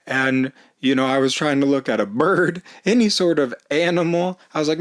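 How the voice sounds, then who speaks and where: Man, fairly high voice, comedic storytelling vlog, self-mocking, laughs a lot. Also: normal speed. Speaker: storyteller vlogger.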